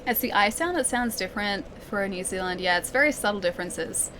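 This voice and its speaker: A woman's voice: medium pitch, animated, fairly quick, bright, forceful tone, a little hiss or hum. Giggly Australian woman streamer. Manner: chatty, giggly, talks to chat while playing. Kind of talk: let's play commentary.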